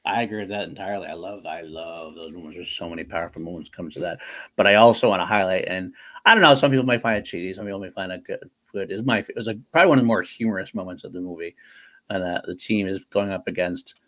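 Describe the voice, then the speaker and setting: A man's voice: low voice, fairly bright tone. A man co-hosting a casual movie podcast, talking enthusiastically with swearing and frequent laughs. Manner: enthusiastic, profane, quick to laugh. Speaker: podcast co-host.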